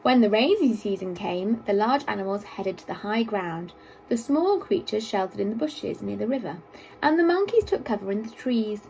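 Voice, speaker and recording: A woman reading a children's story aloud in an expressive, sing-song way. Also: mid-range voice, normal speed, gravelly, rough recording.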